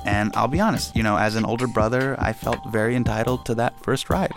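Gravelly man telling an animated story. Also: mid-range voice, fast talker, hardly any pauses, over loud music. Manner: animated, acts out the scenes. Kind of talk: personal storytelling.

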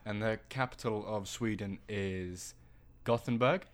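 A man's voice: on the low side, a little slow. A young man co-hosting a casual podcast, rambling and teasing with lots of fillers and restarts. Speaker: podcast co-host.

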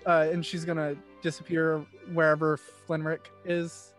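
Man, tabletop player, halting, casual, somewhat high voice. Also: completely flat delivery, a bit bright, faint music behind. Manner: halting, thinking aloud.

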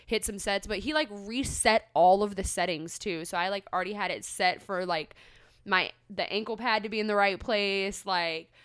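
Chatting casually as a podcast co-host, a young woman tells an animated story full of filler words, especially "like." Her voice is medium in pitch, clear and resonant, at a moderate pace. The recording has no echo and a clean studio sound.

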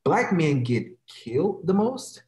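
A man's voice: a little high, big pitch swings, takes it slowly, darkish tone, echoey room. A man in heated, profane podcast talk, mocking others in quoted voices.

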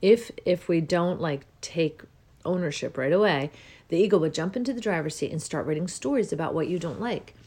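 A woman with a slightly low voice hosts her own podcast, speaking in a loose, rambling way. She is soft-spoken and unhurried, pausing and restarting often. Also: animated, slightly rough. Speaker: podcast host. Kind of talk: casual spiritual monologue.

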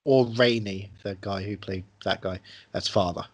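A man co-hosting a podcast, chatting casually about films with jokes and quick tangents. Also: on the low side, fairly even intonation, dry recording. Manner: enthusiastic, jokey, drifts into tangents. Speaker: podcast co-host. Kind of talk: casual film chat.

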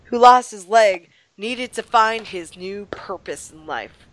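A woman's voice: medium pitch, takes it slowly, no echo. A woman from Rhode Island, chatting casually as a podcast co-host and telling rambling stories.

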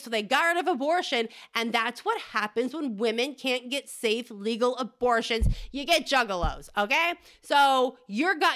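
A woman's voice: high voice, pushed and bright. A woman podcast host doing a rambling, crude comedic monologue, often tagging "okay?".

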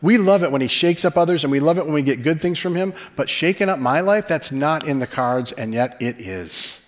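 A male pastor preaching a sermon in conversational storytelling style, often dropping to a hushed voice for emphasis. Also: on the high side, expressive, brisk. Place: church sanctuary. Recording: long hall reverb.

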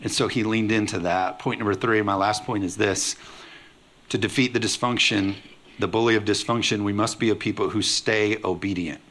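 A man pastor preaching a lively sermon, acting out quoted voices with humor. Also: fairly low pitch, moderate pace, slight background noise.

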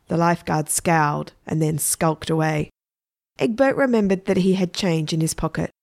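A woman narrating a children's story in a plain, even manner. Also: lowish voice, normal speed, gravelly, no room sound, clean studio sound.

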